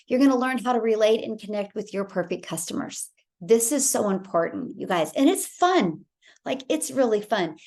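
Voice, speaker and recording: Bubbly woman hosting a sales webinar. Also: medium pitch. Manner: bubbly, enthusiastic, says "you guys" often. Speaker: webinar host. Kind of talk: upbeat sales webinar presentation.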